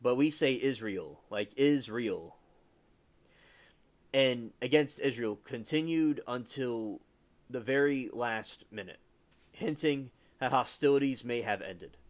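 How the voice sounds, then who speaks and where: A livestream host with a mid-range voice offers casual news commentary at an unhurried pace. He rambles and frequently corrects himself.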